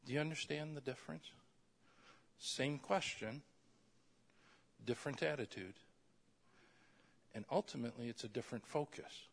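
A man preaching a sermon, asking his listeners questions and acting out quoted prayers, loud at times. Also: medium pitch, normal speed, pauses often.

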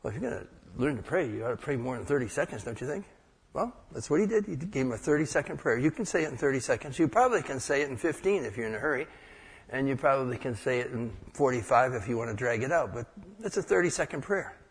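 A man's voice: mid-range voice, expressive, quick pace, breathy edge. A man preaching an informal sermon as pastor, folksy and joking, acting out short prayers. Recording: echoey hall with long reverb.

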